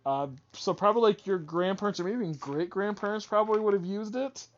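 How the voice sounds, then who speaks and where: A woman's voice: medium pitch, fast, dull audio, faint music behind. A woman streaming a game, chatting casually with viewers in a playful, talkative way with frequent restarts. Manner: chatty, playful, answers chat, hesitant restarts. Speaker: streamer reading game dialogue. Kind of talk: casual live-stream chat and voiced dialogue reading.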